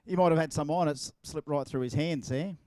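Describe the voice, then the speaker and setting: Australian man, event MC, higher voice, playful crowd banter, dry close sound. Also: fairly quick, darkish tone, no echo. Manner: jokey, playful, teasing. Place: outdoor drag racing track.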